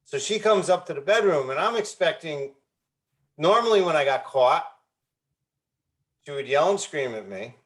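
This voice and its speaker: A man's voice: fairly high pitch, lively intonation, moderate pace, pauses often, fairly bright tone. A man in his fifties, a guest on an interview podcast, telling a personal story candidly with frequent restarts and repeated words. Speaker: guest, founder of a recovery movement.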